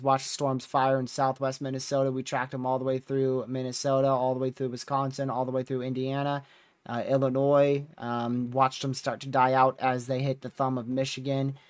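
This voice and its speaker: A man's voice: medium pitch, brisk, clear, resonant tone, dry recording. A tired, yawning man hosting a weather livestream, casually rambling through a recap of past days. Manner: rambling, relaxed recap with fillers. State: exhausted, yawning. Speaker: storm chaser livestream host.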